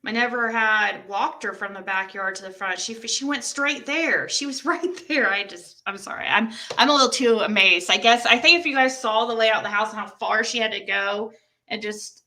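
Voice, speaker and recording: Telling a story to her livestream audience, a young woman keeps the chat casual and answers comments with excited exclamations. Her pitch is medium and her pace is normal.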